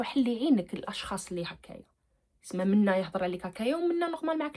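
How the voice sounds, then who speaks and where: A young woman from Algeria talks quickly in a casual question-and-answer chat. Her advice is blunt and frank, and she switches between English and Arabic mid-sentence. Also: medium pitch, lively intonation, mellow. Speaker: vlogger answering viewer questions.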